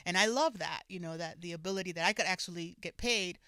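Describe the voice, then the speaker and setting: Older New woman, guest on a podcast, bright clear voice, chatty storyteller. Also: fairly low pitch, fast talker, dry recording, clean studio sound. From the Bronx, New York, of Puerto Rican parents. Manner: warm storyteller, laughs often, restarts phrases, mixes in Spanish. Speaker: guest author. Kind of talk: relaxed conversational storytelling.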